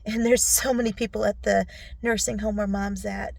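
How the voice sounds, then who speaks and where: Teary middle-aged woman on her phone, gravelly husky voice, keeps going soft and whispery. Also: medium pitch, flat delivery, normal speed. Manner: soft, often dropping to a whisper. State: tearful. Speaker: vlogger. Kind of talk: emotional personal recap. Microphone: phone selfie video.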